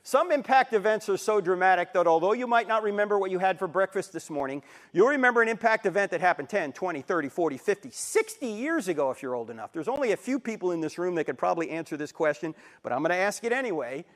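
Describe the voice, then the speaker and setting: Sixties male speaker, high and very expressive, playful storyteller lecturing live in a hall. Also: fast talker. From New Jersey, USA. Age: 60s. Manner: animated storyteller, acts out quotes and jokes. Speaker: Christian apologetics speaker. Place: university auditorium with a live audience.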